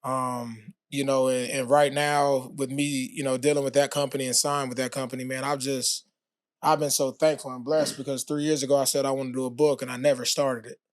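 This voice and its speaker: A man talking as a podcast guest, telling his story in a relaxed way with many fillers. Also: mid-range voice, brisk, dry recording, clean studio sound. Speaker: podcast guest, former pro football player. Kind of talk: casual interview talk.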